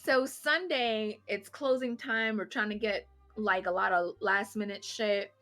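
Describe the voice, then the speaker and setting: A young adult woman co-hosting a podcast, casually telling an animated anecdote and swearing offhandedly. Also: medium pitch, unhurried, soft background music. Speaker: podcast co-host. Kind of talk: casual chat.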